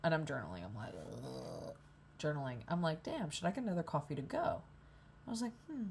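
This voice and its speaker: A woman's voice: deep voice, wildly swooping pitch, fast talker, a little mellow, slight background noise. A young woman rambling in a candid, profane vlog at a coffee shop, hungover. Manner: rambling, profane, self-deprecating. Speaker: vlogger.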